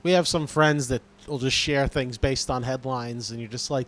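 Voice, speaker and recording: A man co-hosting a podcast, chatting in a relaxed, blunt and profane way. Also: mid-range voice, moderate pace. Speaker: podcast co-host. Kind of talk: casual chat.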